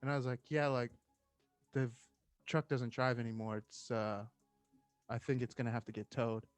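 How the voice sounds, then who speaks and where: A man's voice: medium pitch, little pitch movement, moderate pace, no echo, faint music behind. A man in his thirties, a firefighter guest, telling a story in casual chat and acting out the voices of the people in it.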